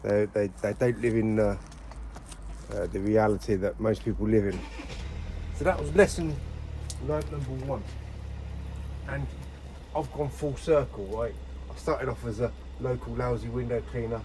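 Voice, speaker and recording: A man's voice: mid-range voice, moderate pace, pauses often, a little mellow, a little hiss or hum, low-quality recording. Chatty window cleaner man. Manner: chatty, rambling storytelling. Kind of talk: casual on-the-job rant to camera. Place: outdoors on a street job.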